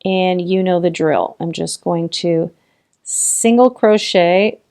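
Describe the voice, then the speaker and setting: A woman's voice: on the low side, level tone, unhurried, a little mellow. A woman hosting a casual crochet tutorial, talking through each step, counting stitches aloud and encouraging viewers with frequent laughs.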